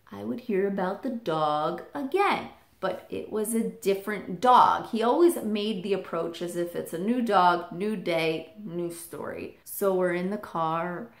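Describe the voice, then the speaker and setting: Woman vlogger from england, animated storytelling, middle pitch, roomy echo. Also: normal speed. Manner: animated, jumps high when quoting her child self. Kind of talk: personal storytelling.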